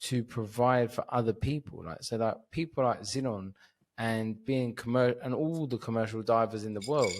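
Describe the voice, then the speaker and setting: A man's voice: medium pitch, moderate pace. Drunk sleepy guy rambling on a podcast, swearing, loose and chatty. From Cyprus. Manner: rambling, tipsy, swears freely. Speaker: comedian guest. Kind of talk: casual podcast chat.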